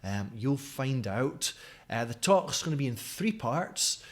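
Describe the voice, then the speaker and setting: A very animated man with a medium-pitched voice takes his time while recording a video conference talk at home at night, a camera in front of him. He's a teacher trainer from Scotland with a mild accent, chatty and friendly, using many fillers.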